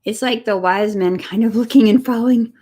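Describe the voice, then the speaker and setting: Soft-spoken woman giving an energy reading. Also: on the high side, fairly quick, breathy edge. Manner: soft, encouraging, answers viewers by name. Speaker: energy reader. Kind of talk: live-stream spiritual reading. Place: home room next to her computer.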